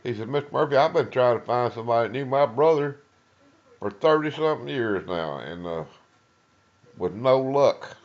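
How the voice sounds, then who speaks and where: An older retired lawman and Vietnam veteran from East Texas, USA, tells his oral-history story in a Southern accent, rambling and halting with many uhs while acting out what people said. His mid-range voice has lively intonation, and the recording is muffled.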